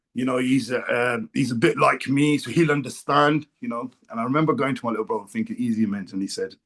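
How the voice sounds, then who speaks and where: Middle-aged guy with a rough husky voice telling his recovery story at a meeting, blunt, swears a lot. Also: medium pitch, a bit bright. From England. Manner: blunt, emotional, swears freely. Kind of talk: personal recovery share. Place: meeting room.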